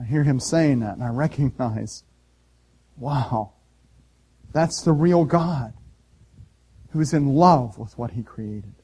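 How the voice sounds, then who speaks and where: A male pastor preaching a sermon in a conversational, storytelling way, swinging from loud emphasis to soft quiet. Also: mid-range voice, takes it slowly, long pauses, husky.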